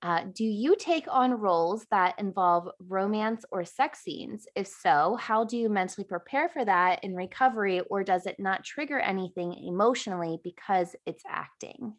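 A woman hosts a podcast conversation in a relaxed, chatty way. Her voice sits at a middle pitch. She laughs easily and often. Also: moderate pace, few pauses. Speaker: podcast host. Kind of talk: casual chat.

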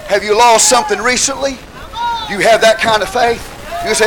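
A man preaching a sermon with fervor, rising at times to shouts and calling out hallelujah to the congregation. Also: high voice, steady tone, moderate pace, a crowd in the background, poor audio. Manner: calls out hallelujah, asks the congregation questions.

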